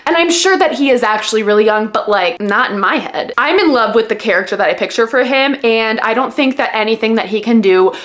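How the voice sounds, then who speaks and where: A woman's voice: on the high side, expressive, brisk, hardly any pauses, fairly bright tone. A woman chatting casually in a book vlog, gushing and full of fillers. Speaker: book vlogger. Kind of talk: casual reading vlog chat.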